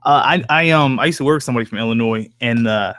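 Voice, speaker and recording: A man's voice: mid-range voice, fast, fairly bright tone, no echo. A young man from Oklahoma chatting casually on a live stream, answering viewers with lots of fillers, cursing and jokes. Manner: rambling, profane, joking, lots of fillers. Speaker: streamer reading chat.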